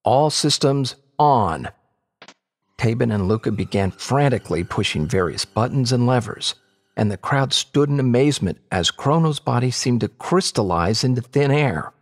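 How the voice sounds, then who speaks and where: A man narrating an adventure story in an expressive storytelling manner. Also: mid-range voice, moderate pace, vocal fry.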